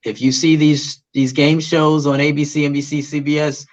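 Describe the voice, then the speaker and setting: A man, a comedian guest, chatting casually on a podcast with plenty of fillers. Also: normal speed. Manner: relaxed, with fillers, booming announcer bits. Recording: muffled lo-fi audio.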